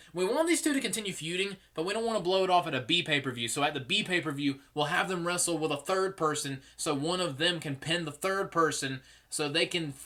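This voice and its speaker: A man's voice: fairly high pitch, sharp tone. A young man hosting a solo podcast, giving rambling, opinionated commentary and swearing freely. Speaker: podcast host.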